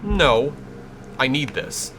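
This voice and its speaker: A man's voice: mid-range voice, very animated, very slow. A man reading a determined banished witch. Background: game music.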